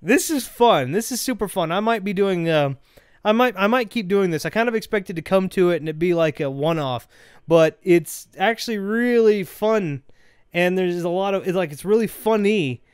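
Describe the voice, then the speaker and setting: A man with a notably high voice talks through a video game in a rambling, excitable way. He jokes, trails off and restarts his thoughts as he plays. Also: moderate pace, clean tone, dry recording, studio quality. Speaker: gameplay commentator. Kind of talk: casual let's-play commentary.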